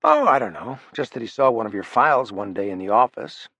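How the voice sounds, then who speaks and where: A man voicing a dry, teasing, lawful sidekick in an audiobook, low-key and understated. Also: expressive, a little fast, gravelly, sharp tone, no echo, highs cut off, exaggerated voice. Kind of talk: audiobook character voice.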